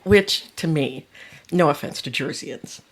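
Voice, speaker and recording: A woman's voice: deep voice, a little slow. A woman hosting a podcast in casual chat, chatty and self-deprecating. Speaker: podcast host.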